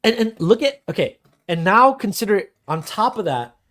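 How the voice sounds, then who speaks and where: A man's voice: high-pitched, normal speed. Male podcast host, casual and profane, acts out quotes in bursts. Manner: animated, swearing, acts out quoted voices.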